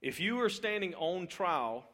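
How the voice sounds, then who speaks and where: A man's voice: high voice, very animated, a little slow, pushed and bright. A middle-aged man, preaching an informal, conversational sermon in church and checking in with his listeners. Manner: conversational, repeats words, asks the audience questions.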